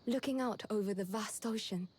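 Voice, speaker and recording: A woman's voice: medium pitch, a little mellow, breathy edge, close to an everyday voice. A woman voicing an earnest, formal young lady. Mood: wistful. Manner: formal, measured and polite. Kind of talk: game voice acting.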